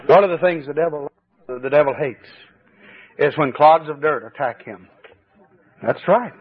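A man preaching a fervent sermon at a church service, his voice swinging between high exclamations and low, confiding asides. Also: measured pace, slightly rough. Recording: tinny old cassette tape recording.

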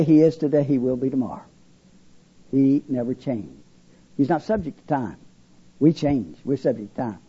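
An older man preaching his testimony dramatically, with a husky voice, alternating loud emphasis and hushed low lines. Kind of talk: sermon testimony. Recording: dull lo-fi recording.

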